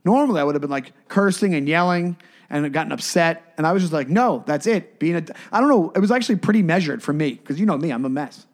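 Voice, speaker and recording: Telling a story in casual chat, this podcast co-host speaks fast in a slightly high voice. He's animated and acts out the dialogue he quotes.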